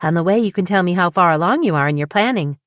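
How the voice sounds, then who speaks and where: A woman's voice: lowish voice, animated, quick pace, no echo, studio quality, pitched above the performer's own voice, lightly acted. A woman voicing a petite, bubbly wedding planner with a southern drawl who is eager to please. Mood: cheerful. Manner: upbeat, chatty, eager to please.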